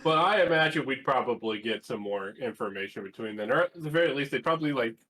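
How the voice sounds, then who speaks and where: A man's voice: mid-range voice, lively intonation, fast, bright, forceful tone. A man hosting a gaming news podcast in casual chat, with frequent fillers and the odd swear. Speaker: podcast host.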